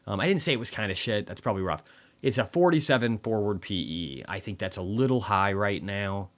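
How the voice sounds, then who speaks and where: Deep-voiced man, blunt and profane. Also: animated, a little fast, fairly bright tone. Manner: rambling, with many restarts and filler asides. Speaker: livestream host reviewing markets. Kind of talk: casual livestream commentary.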